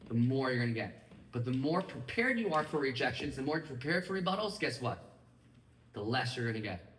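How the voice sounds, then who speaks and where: Male mindset trainer, mid-pitch and energetic, addressing a live group. Distant mic in a reverberant room. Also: fairly quick. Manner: energetic, keeps checking in with listeners.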